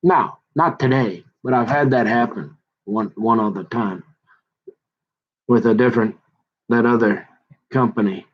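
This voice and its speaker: A middle-aged man talks in a loose, rambling monologue with a low voice. His manner is folksy, and he often repeats words and restarts. The recording sounds dull and lo-fi. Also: steady tone, a little slow, pauses often.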